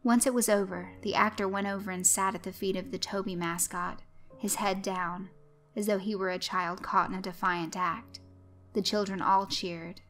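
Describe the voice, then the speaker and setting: Bright-voiced woman reading a story. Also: mid-range voice, little pitch movement, moderate pace. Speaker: narrator. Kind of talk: scripted story narration.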